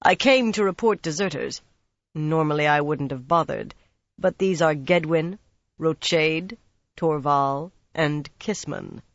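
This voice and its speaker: A narrator voicing a poised, menacing grown man with a deep voice and a smooth, polished way of talking in a storybook reading. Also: a little slow, no echo, muffled recording, natural voice. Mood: smooth, wary.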